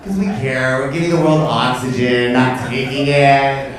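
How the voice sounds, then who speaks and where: On a comedy club stage before a live audience, a man performs a brash, profane and camp stand-up set, teasing the crowd. His mid-range voice is steady and a little slow. The mic picks him up from a distance in the echoey club, with audience laughter.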